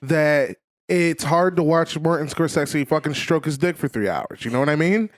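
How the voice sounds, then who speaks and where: A man's voice: a little high, normal speed, dry recording, clean studio sound. A man co-hosting a podcast in casual chat, wry and drawling, with crude jokes. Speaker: podcast co-host.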